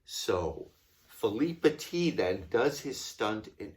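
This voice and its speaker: A man, a tour guide, telling a story to his children at home in a playful, animated way. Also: on the low side, takes it slowly. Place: home during lockdown.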